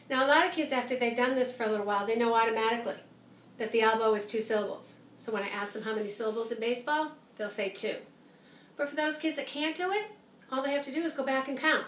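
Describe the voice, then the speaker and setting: A woman teacher explaining a classroom method in a clear, patient way, speaking at times as if to young children. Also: a little high, fairly quick, fairly bright tone, a little hiss or hum. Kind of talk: teaching demonstration to the camera. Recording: echoey room from a distance.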